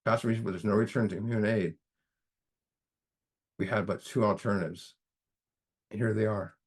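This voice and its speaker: A man's voice: on the low side, steady tone, normal speed, slightly rough. A man leading a recovery study group in a casual teaching manner, folksy, often repeating himself and saying "you know".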